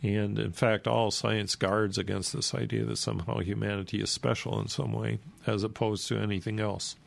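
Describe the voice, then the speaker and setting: A man hosting a talk program, explaining and reading aloud from a book in a halting way with many fillers, short of breath and coughing. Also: on the low side, little pitch movement, vocal fry. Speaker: radio host. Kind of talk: casual spoken commentary reading from a book.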